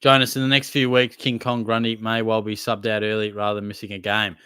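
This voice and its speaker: A man's voice: fairly low pitch, level tone, a little fast, sharp tone, clear, resonant tone, no room sound, clean studio sound. A young man hosting a casual live Q&A, reading out viewers' questions and answering them in a laid-back, matey way. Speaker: livestream host answering chat questions.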